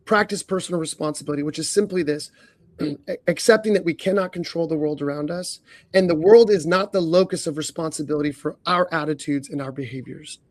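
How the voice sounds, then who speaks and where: An earnest man coaches listeners on a podcast, with a high voice. He often clears his throat and strings rhetorical questions together. The sound is dry and close to the mic. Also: brisk, no echo. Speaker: leadership coach, podcast co-host.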